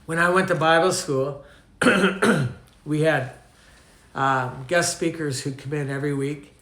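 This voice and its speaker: A man's voice: on the high side, takes it slowly, fairly bright tone, roomy sound. An older man from Canada preaching a teaching sermon, telling anecdotes in a conversational way and asking his listeners questions. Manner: storytelling, conversational, asks the audience questions.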